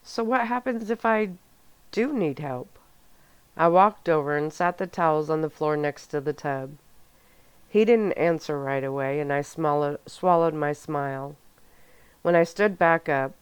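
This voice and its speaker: Soft-spoken asmr reading, woman, low voice, slow and smooth. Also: no echo. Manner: calm, even first-person storytelling. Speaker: audiobook narrator.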